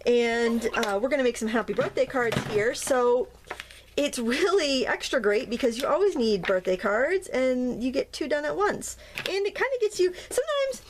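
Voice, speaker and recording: A woman with a slightly high voice talks through a stamping demonstration at her desk. Her delivery is chatty and gentle. She gushes warmly whenever a piece turns out cute. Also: slight background noise. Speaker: craft tutorial host. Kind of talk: casual step-by-step demonstration.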